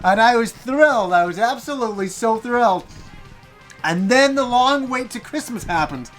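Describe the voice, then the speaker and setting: A man in his forties with a high, bright-sounding voice, hosting a retro gaming show. He tells a nostalgic personal story in an eager, rambling way, often restarting his sentences. Faint music plays behind him. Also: lively intonation, normal speed. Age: 40s. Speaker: gaming channel host.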